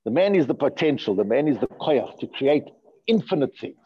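A man teaching a Torah class in an animated way, asking rhetorical questions and often repeating his words. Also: medium pitch, a little fast, slightly rough. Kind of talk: Torah lecture. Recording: dull lo-fi recording.

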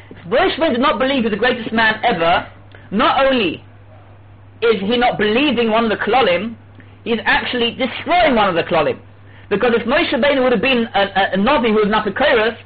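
A man teaching a religious lesson, telling stories lively and acting out quoted dialogue. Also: very high-pitched. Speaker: Torah teacher. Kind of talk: religious lecture. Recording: tinny phone-like with faint hum.

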